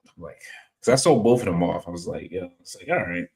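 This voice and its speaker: A man's voice: low-pitched, a little fast, vocal fry. A man hosting a casual podcast, telling stories with lots of "I was like" and reading viewer comments aloud. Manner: animated storyteller, reads chat comments aloud. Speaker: podcast host. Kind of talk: casual chat.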